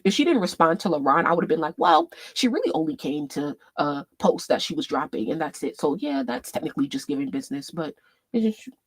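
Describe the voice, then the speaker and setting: A woman hosting a casual fan chat stream, her husky voice pitched a touch low but swinging widely as she thinks aloud. She swears freely and often breaks into loud laughter. The sound is close and dry, with no room around it. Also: dry recording. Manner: reads posts aloud while scrolling, thinks aloud. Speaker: livestream host.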